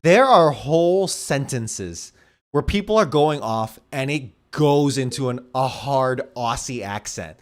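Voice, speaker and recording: A man with a mid-range voice co-hosts a casual movie podcast. He is relaxed and jokey, laughing easily and tossing in "dude" as he riffs. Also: medium pitch, slow. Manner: laid-back, laughs easily, says dude. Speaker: podcast co-host. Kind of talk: casual movie review chat.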